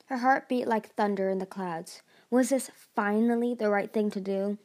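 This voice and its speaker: A woman's voice: medium pitch, moderate pace, few pauses. Woman reading a novel aloud. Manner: steady reading with occasional slips and restarts. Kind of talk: audiobook-style narration.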